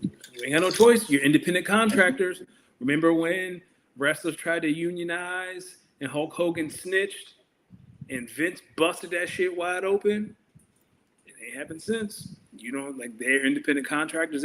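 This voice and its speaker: High-voiced man in incredulous banter. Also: moderate pace, a bit bright, a little hiss or hum. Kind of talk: casual chat.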